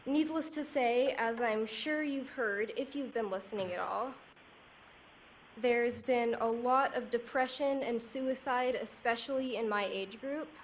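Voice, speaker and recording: A woman's voice: a little high, unhurried, slight background noise, poor audio. A young woman, a student, reading a composed, prepared statement at a county meeting into a podium microphone. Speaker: student speaking at public comment. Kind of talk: prepared public speech. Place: county commission meeting room.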